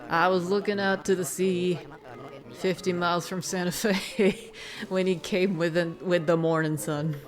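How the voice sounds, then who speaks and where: A woman's voice: on the low side, steady tone, unhurried, lightly acted. A woman voicing a folksy old fisherman with a put-on American Southern drawl, reading game dialogue aloud. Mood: reminiscing.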